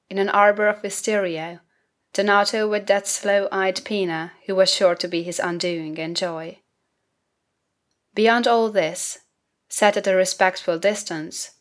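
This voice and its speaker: A woman narrating a fantasy novel in a measured, unhurried literary reading. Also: medium pitch. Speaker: audiobook narrator. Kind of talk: scripted narration.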